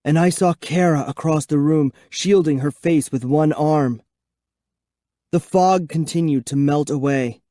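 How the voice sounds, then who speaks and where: A man reading a children's horror book aloud in first person, with a measured, suspenseful delivery. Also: fairly high pitch, mellow, dry recording. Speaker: audiobook narrator. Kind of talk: scripted first-person narration.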